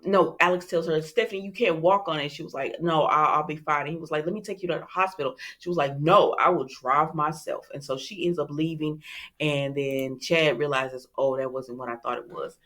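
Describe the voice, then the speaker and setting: Chatty woman recapping a soap episode. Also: on the low side. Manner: animated storytelling, talks straight to viewers, acts out quotes. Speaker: soap opera recap host.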